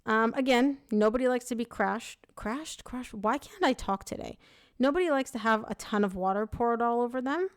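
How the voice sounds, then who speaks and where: A young woman giving a casual tarot reading, talking frankly and loosely with lots of "like" and quick self-corrections. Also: fairly high pitch, no room sound, studio quality. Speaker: tarot reader.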